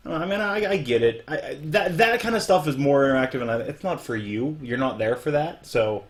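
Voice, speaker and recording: A man in loose, joking podcast banter, ribbing his co-host and trailing off into restarts. His voice sits in an ordinary middle pitch. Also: lively intonation, brisk. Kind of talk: casual chat.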